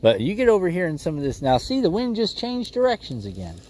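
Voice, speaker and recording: A man's voice: high voice, huge pitch swings, fast, a little mellow. A man hosting a fishing livestream from a windy lake, chatting casually and joking with his viewers, laughing often.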